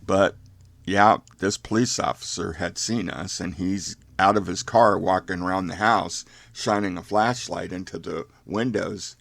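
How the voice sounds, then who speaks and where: An older man telling a youth story in a folksy, unhurried fireside manner. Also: sits low, creaky, a bit bright, no echo.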